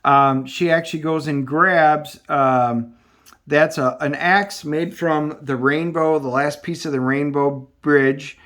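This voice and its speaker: A man's voice: a little high, fairly even intonation, takes it slowly, fairly bright tone. A man reviewing comic books and retelling the story in a casual way, with many fillers and restarts.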